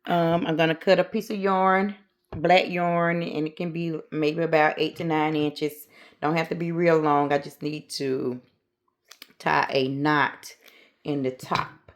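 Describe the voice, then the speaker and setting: Middle-aged woman, craft tutorial host, casual step-by-step chat, low voice, slow pace. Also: flat delivery. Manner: chatty, talks herself through each step. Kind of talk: casual how-to narration.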